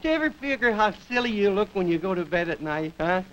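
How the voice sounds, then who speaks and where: A man's voice: high voice, animated, fast. A man hosting a comedy show, giving a rambling, folksy stand-up monologue and chuckling at his own jokes before a studio audience. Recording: dull lo-fi 1950s television audio with loud hiss. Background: studio audience laughter.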